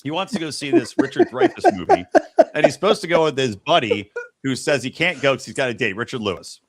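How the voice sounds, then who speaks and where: A man's voice: medium pitch, big pitch swings, fast. A man hosting a podcast, telling the story of a TV episode in casual chat and acting out the characters' lines. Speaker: podcast host.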